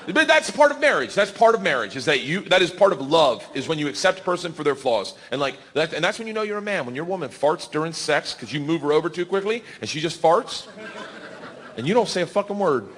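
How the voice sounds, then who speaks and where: A man performing a profane stand-up comedy set on a club stage, telling brash, animated stories into a handheld mic. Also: on the high side, quick pace. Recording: live show with loud crowd laughter and noise.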